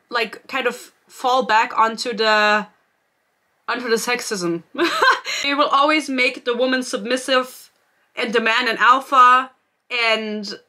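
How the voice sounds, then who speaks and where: A woman's voice: on the high side, sharp tone. A woman giving a casual, sarcastic book review rant, swearing freely and laughing often.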